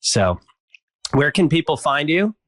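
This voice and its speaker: A man's voice: a little high, very animated, measured pace, dry recording. A man hosting a podcast, casual and affirming toward his guest, in a dry close sound. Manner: warm, affirming, casual, occasional swearing. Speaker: podcast host. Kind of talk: conversational interview.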